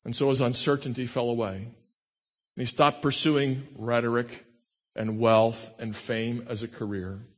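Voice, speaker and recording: Male pastor, mid-range voice, earnest sermon delivery, long church reverb. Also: dull audio. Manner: earnest, builds to emphatic peaks then drops low.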